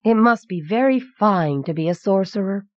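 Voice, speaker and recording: A woman's voice: on the low side, big pitch swings, normal speed, a bit bright, no room sound. A woman doing a whiny little prince boy. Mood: wistful. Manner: whiny and pouting, then breathless with awe. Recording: dull, dry old cassette recording.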